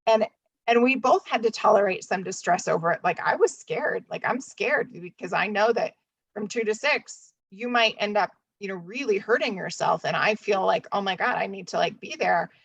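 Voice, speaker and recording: A woman's voice: mid-range voice, moderate pace, gravelly, breathy edge, no room sound, muffled recording. A woman therapist talking candidly in a casual webinar discussion, chatty and full of fillers. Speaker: DBT therapist.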